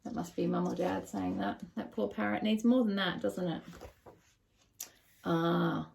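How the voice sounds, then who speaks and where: A woman reading picture books aloud to children, animated and asking them questions. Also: fairly low pitch, unhurried, creaky, a little hiss or hum. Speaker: children's storyteller.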